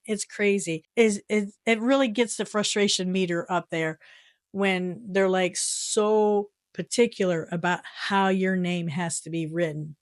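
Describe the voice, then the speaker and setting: A woman's voice: medium pitch, a little slow, no echo, studio quality. Exasperated American woman telling a story. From United States. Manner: animated, exasperated storytelling with laughs. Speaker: vlogger. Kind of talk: casual vlog storytelling. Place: her home in Japan.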